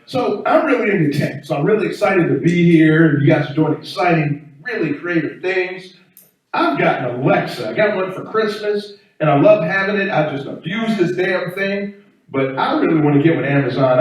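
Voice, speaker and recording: A man doing a stand-up set, chatty and animated with the crowd. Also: fairly high pitch, moderate pace. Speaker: stand-up comedian. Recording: echoey room from far off.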